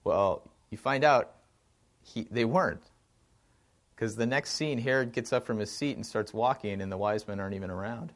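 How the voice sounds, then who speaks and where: A man leading an informal film discussion, animated and thinking aloud with frequent restarts. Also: on the low side, moderate pace.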